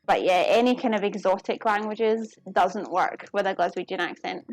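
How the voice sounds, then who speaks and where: A woman's voice: medium pitch, moderate pace, no room sound, soft background music. A woman from the UK chatting casually with viewers while cooking in a kitchen, giggling often. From United Kingdom. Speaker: cooking streamer. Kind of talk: casual live-stream chat while cooking. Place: home kitchen.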